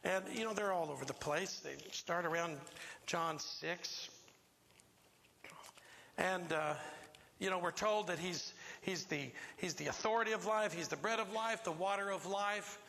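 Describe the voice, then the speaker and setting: A man's voice: sits high, a little slow, creaky, pushed and bright, long reverb tail, a little hiss or hum. A man preaching a sermon to a congregation, emphatic and quizzing listeners with questions. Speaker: pastor. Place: church sanctuary.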